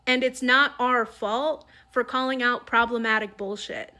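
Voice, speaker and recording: A woman's voice: on the high side, fairly even intonation, measured pace, sharp tone. A woman delivering an angry, profane, sarcastic political rant straight to her viewers. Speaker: political commentator. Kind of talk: ranting commentary to camera.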